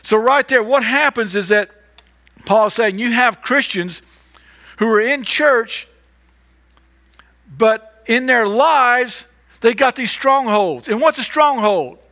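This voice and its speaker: A male pastor delivers a sermon in a high, bright, forceful voice. He talks emphatically, circling back on phrases and sometimes stumbling through restarts. The delivery sounds tense and forward. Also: takes it slowly, long pauses. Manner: emphatic, repetitive, stammers on restarts.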